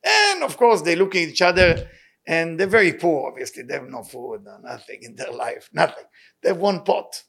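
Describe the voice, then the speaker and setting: A man giving an impassioned sermon and telling a story, repeating his key words and speaking loose, halting English. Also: on the high side, very animated, creaky, a bit bright. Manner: loose, halting non-native English grammar. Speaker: rabbi giving weekly inspiration.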